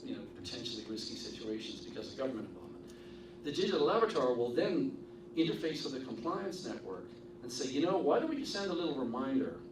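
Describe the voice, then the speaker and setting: A man talks to a conference audience in a loose, conversational way with frequent fillers. He sounds distant in a reverberant room, with steady noise behind him. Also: mid-range voice. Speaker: conference speaker. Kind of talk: live conference talk. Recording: roomy, distant, noisy live recording.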